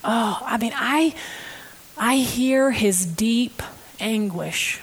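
A woman gives a conversational sermon with a fairly high voice. She preaches in an emotive, personal way and talks straight to her listeners. Her delivery swings from hushed, almost whispered moments to loud, stirring ones. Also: extremely slow, husky, rough recording.

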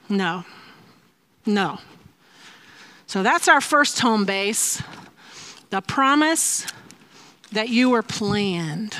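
Woman preacher, high bright voice, slow deliberate sermon, laughs often between points. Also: animated. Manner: laughs often, playful asides. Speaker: speaker teaching a faith message.

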